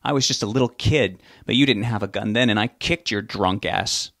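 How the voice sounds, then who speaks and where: A man's voice: fairly low pitch, moderate pace, a bit bright, no room sound, studio quality. A man voicing an angry, sarcastic young adult son who stands up to his father. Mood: defiant. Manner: sarcastic, snarling.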